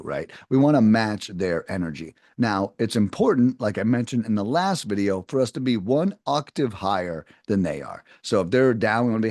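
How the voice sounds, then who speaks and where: A man's voice: fairly low pitch, moderate pace, hardly any pauses, no room sound, clean studio sound. A man teaching a casual lesson on cold calling, talking to viewers as "guys" and acting out sample phone openers. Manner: animated, talks to viewers as guys, acts out sample phone lines. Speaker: cold calling sales trainer. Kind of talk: casual coaching lesson to camera.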